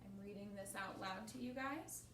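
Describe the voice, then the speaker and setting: A woman's voice: mid-range voice, moderate pace, slight background noise. A woman librarian reading a picture book aloud at storytime, asking the listeners questions as she goes. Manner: animated, asks listeners questions. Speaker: children's librarian. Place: library children's room. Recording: echoey room, distant mic.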